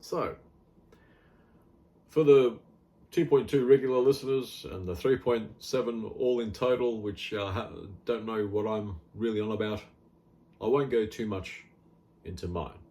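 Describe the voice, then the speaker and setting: A man's voice: on the low side, unhurried, pauses often, dark tone. Rambling middle-aged Australian man. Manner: rambling, frequent fillers, blunt and wry. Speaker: health vlogger. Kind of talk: casual monologue.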